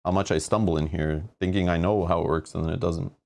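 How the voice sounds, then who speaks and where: A man with a fairly low voice plays through a board game, reading rules and story text aloud. He rambles and grows exasperated over how the rules are laid out. His talk is casual and unscripted. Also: steady tone, quick pace, gravelly, darkish tone. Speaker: host playing a board game.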